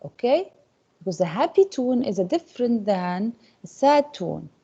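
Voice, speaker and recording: A woman teacher speaks to her class in a mellow, slightly husky voice. She keeps checking in with the students with a coaxing "Okay?". The recording is dull and lo-fi. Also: a little high, very animated, moderate pace. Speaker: English teacher.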